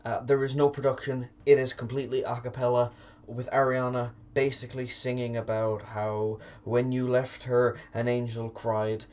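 A man's voice: mid-range voice, little pitch movement, moderate pace, darkish tone. A young man giving a casual spoken album review, candid and opinionated, with the occasional swear word.

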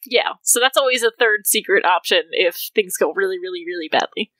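A woman's voice: medium pitch, fairly quick, pushed and bright, dry recording. A woman playing a tabletop role-playing game, playful and laughing often. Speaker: player.

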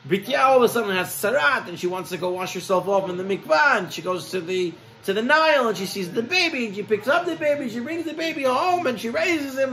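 A man, a rabbi, giving a storytelling sermon, lively and acting out the people in his stories. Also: rough recording. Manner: animated storytelling, acts out quoted characters with raised pitch.

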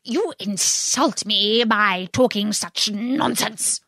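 A woman's voice: medium pitch, slow pace, pushed and bright, no echo, exaggerated voice. A woman voicing an easily offended male mouse in a storybook reading, speaking sharply. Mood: angry. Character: touchy, angry little male mouse.

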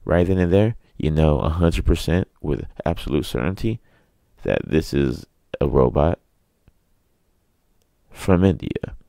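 A man with a very low, gravelly voice rants through a casual podcast monologue. His tone is dark and mellow, and he sounds close and dry. He keeps sarcastically asking himself questions and answering them. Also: lively intonation, unhurried, pauses often, no echo. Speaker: podcast host.

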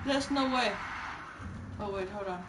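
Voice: mid-range voice, a little slow, noisy background. A streamer commenting live while playing a game, exclaiming and swearing constantly. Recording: roomy, far from mic, loud game music. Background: loud game music.

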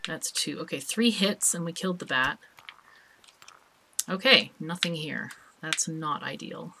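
A woman's voice: low-pitched, pushed and bright, slight background noise. A woman hosting a let's play, chatting casually and thinking aloud as she plays, with small laughs. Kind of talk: casual gameplay commentary.

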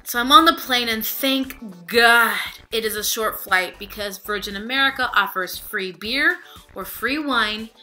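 A young woman telling a casual, profane storytime vlog, animated and acting out the people she quotes. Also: a little high, unhurried, soft background music. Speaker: vlogger.

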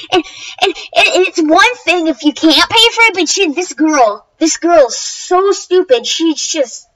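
A woman's voice: high-pitched, a bit bright, poor audio. A woman telling a story to her viewers in a casual, rambling way, often restarting and correcting herself. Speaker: YouTuber.

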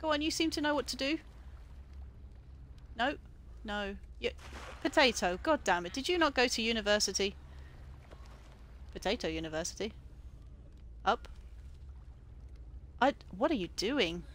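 A woman streaming a game late at night from home, excitable, giggly and sweary as she commentates. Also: a little high, measured pace, long pauses. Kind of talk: live gameplay commentary.

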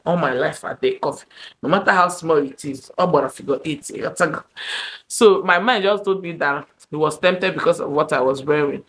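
A young woman with a Nigerian accent, telling a personal story to camera in an animated, dramatic way. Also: sits low, a little hiss or hum. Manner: animated, dramatic storyteller, shifting between loud and hushed. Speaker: vlogger. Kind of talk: storytime monologue.

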